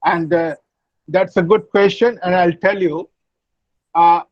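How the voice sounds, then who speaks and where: A man teaching pronunciation in an online class. He explains slowly, repeats key words and uses frequent fillers. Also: high voice, steady tone, dry recording, lo-fi sound. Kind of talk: online English phonetics lecture. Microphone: video call.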